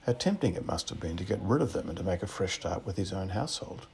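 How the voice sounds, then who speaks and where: Man, Australian accent, sermon, measured and reflective, very low voice, faint noise behind. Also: animated, darkish tone. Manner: reflective, measured, with rhetorical questions. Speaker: preacher.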